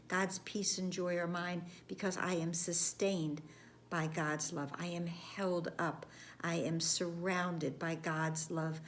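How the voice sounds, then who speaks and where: A woman teaches a spiritual lesson at an unhurried pace, her voice sitting a little low. She lingers on repeated phrases and lets some words fall to a soft whisper. A faint hiss sits under the recording. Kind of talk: reflective lesson talk.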